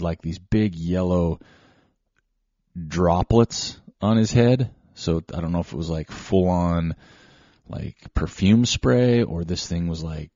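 A man hosting a show, telling a casual, rambling, self-deprecating story with animated asides. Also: deep voice, no echo. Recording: slightly dull lo-fi recording.

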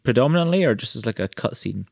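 A man's voice: mid-range voice, animated, quick pace, vocal fry, darkish tone, dry recording, studio quality. A man co-hosting a film podcast in casual chat, blunt and sweary, teasing his friends. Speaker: podcast co-host.

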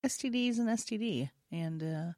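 Podcast host, woman, animated and wry, dry recording. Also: mid-range voice, moderate pace, no room sound. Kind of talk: casual chat.

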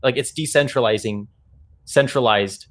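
A man's voice: mid-range voice, normal speed. Candid, skeptical male podcast co-host. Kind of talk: roundtable debate.

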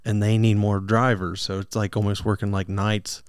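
A man's voice: fairly low pitch, little pitch movement, moderate pace, clean tone, no room sound, clean studio sound. A man explaining a point in casual chat on a podcast, with many filler words.

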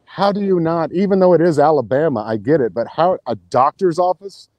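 A man's voice: on the high side, brisk, no room sound. A man talking casually as a podcast guest, telling a rambling story full of restarts and swearing. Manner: rambling, restarts, profane, animated retelling.

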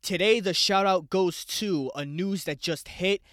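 A young man from the United States hosting a casual solo podcast, excitable, swearing freely and talking straight to his listeners. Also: high-pitched, measured pace, no echo, clean studio sound. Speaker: podcast host.

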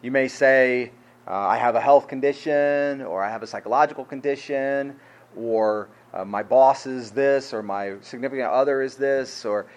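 In dull-sounding audio, a male pastor preaches conversationally with a medium pitch and moderate pace. Repetition and rhetorical questions run through his sermon as his volume fades from full to quiet.

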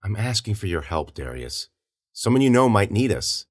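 A man's voice: lowish voice, sing-song, moderate pace. A man playing a blunt male investigator who speaks tersely and matter-of-factly. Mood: firm.

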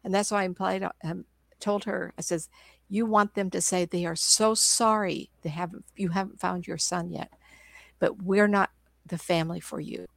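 This is a guest psychic medium, an older woman with a sore throat, rambling through casual stories and restarting many times. Her gravelly voice sits on the low side, with fairly even intonation and a moderate pace, captured as clean studio sound without echo.

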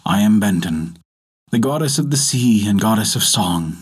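A stately goddess of the sea and of song speaks low and unhurried in a storybook telling, as a male narrator puts her on. The voice is husky, with a pitch that rises and falls freely. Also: expressive.

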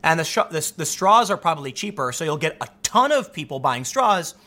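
A young man hosting an opinionated commentary monologue, animated and sarcastic, often mocking people with put-on voices. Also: a little high, fairly quick. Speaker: commentary show host.

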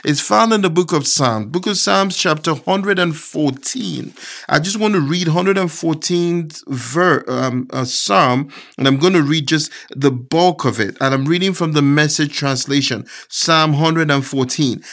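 A man delivering a sermon, reading scripture slowly, then rising into raised, emphatic preaching. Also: a bit bright. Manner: builds from low and measured to raised, emphatic preaching; slows down to read scripture aloud.

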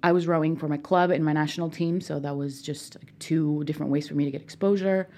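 A woman's voice: deep voice, fairly even intonation, quick pace, darkish tone. A young woman from Peru, a native Spanish speaker, telling her story as a guest in a casual interview, chatty and full of fillers.

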